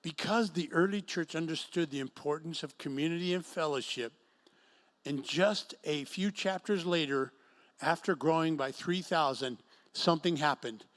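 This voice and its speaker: Fairly high-voiced man preaching a sermon. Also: normal speed, fairly bright tone. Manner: storytelling with acted quotes. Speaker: pastor. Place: church event room.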